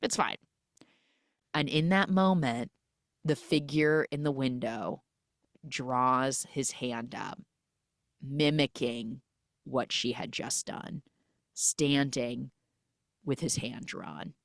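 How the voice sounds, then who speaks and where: A woman hosting a podcast, retelling a film's plot in a casual, animated way and acting out the characters' lines in quick quoted voices. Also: rumbling low, gravelly, dry recording, clean studio sound. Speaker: podcast host recapping a film.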